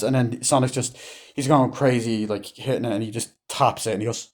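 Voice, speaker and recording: A man giving a casual movie review, rambling excitedly, swearing often and retelling scenes. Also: medium pitch, fairly quick.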